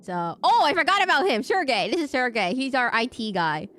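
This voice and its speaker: A woman's voice: sits high, sing-song, a little fast, a bit bright. A woman streaming a video game, chatting in a rambling casual way with many fillers and restarts. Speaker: VTuber streamer.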